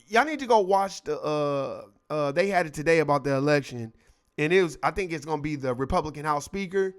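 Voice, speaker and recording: A man's voice: fairly high pitch, expressive, a little fast, clean tone. A man hosting his own show, giving a heated, profane political rant and mocking people by acting out their lines. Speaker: show host.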